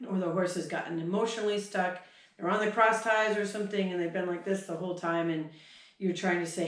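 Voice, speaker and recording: A woman's voice: fairly low pitch, fairly even intonation, a little fast. A woman horse trainer explaining breathing signals at a clinic, chatty, breaking off to sigh and huff out demonstrations. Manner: demonstrates breath sounds, sighs and huffs, chatty. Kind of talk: explaining at a workshop. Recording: echoey hall, mic far off.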